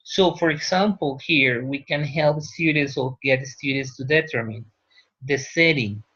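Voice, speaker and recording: Husky, bright and forceful at a medium pitch, this is the voice of a male teacher who learned Spanish first. Lecturing in a classroom, he speaks without hurry, pauses, and keeps checking in with "right?", all on a dull lo-fi recording.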